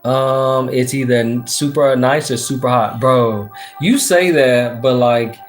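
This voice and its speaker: A laid-back man with a drawl chats on a live stream, pulling tarot cards and reading out comments. His voice sits at an everyday middle pitch, and his slangy, easygoing talk is full of shout-outs and the odd curse. Soft music plays faintly behind him. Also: slow. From Texas. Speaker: livestream tarot reader. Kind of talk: casual livestream chat, reading comments aloud.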